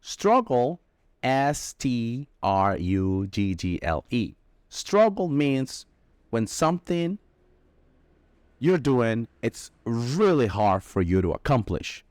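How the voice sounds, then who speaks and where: A man teaching English vocabulary, explaining slowly and stressing each key word. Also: medium pitch, sing-song, a little mellow, no room sound. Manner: slow, emphatic explaining with drawn-out key words. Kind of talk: vocabulary lesson.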